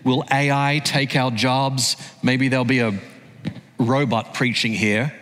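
A man's voice: mid-range voice, flat delivery, measured pace, a bit bright. An Australian man in his forties preaching a sermon, telling his story earnestly and building to emphatic peaks. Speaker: pastor. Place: large church hall. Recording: long hall reverb.

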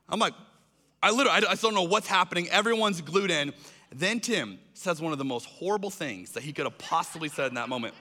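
A man's voice: sits high, fairly quick. A man telling a funny personal story to an audience and acting out the people in it. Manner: animated, acts out other people's lines in raised voices. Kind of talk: storytelling talk. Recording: long hall reverb.

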